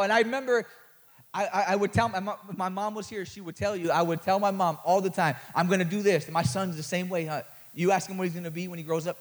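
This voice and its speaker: A young man preaching a sermon, building to loud peaks, repeating the starts of his words and joking with the crowd. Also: sits high. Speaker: guest preacher.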